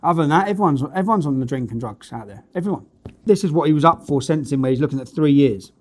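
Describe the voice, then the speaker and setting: A man with a fairly high voice reads out news stories and rails against them. His delivery is blunt and indignant, and he is full of slang and swear words. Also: lively intonation, fast. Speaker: vlogger reading out news stories. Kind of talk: ranting commentary on news.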